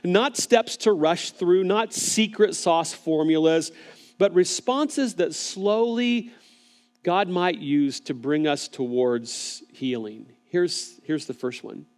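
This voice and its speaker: A pastor delivering a sermon in a fairly high voice for a man. He is earnest and gentle, and he often restarts his phrases with repeated words as he talks to the people watching. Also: takes it slowly. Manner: speaks gently to online viewers.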